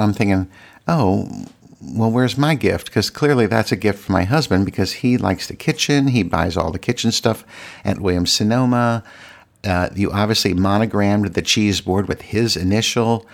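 Deep gravelly man, rambling podcast host. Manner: rambling, frequent restarts and stammered repeats; candid, exasperated. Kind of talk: casual solo podcast monologue. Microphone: desk podcast mic.

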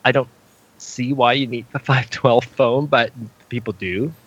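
A man's voice: medium pitch, fairly even intonation, unhurried, fairly bright tone, breathy edge, muffled recording. A man co-hosting a casual tech chat, laughing often and restarting his sentences. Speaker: podcast co-host.

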